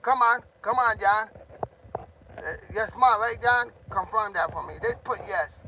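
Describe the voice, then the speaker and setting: A man ranting loudly on a live stream, talking straight to a viewer, amped up and always yelling. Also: high voice, unhurried, a little hiss or hum, poor audio.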